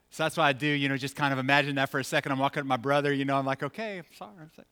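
A man's voice: medium pitch, pushed and bright, clear, resonant tone. A man preaching a sermon as pastor, conversational and playful, acting out scenes from his childhood. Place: church sanctuary. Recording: long hall reverb.

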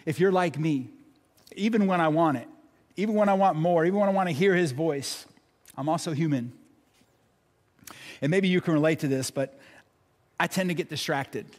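A pastor preaching a sermon, repeating phrases and swinging between loud emphasis and hushed, low delivery. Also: male voice. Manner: repeats phrases for emphasis, addresses congregation directly. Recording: echoey hall reverb.

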